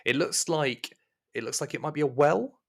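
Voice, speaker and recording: A man's voice: fairly high pitch, moderate pace, creaky. A man narrating as game master. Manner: rambling, filler-heavy narration.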